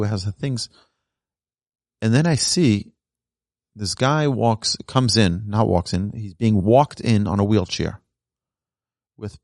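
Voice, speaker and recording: Animated storytelling rabbi, dry close sound. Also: male voice, fairly low pitch, dry recording. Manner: animated storyteller who acts out quoted voices. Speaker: rabbi teaching a podcast class. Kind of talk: storytelling Torah lesson.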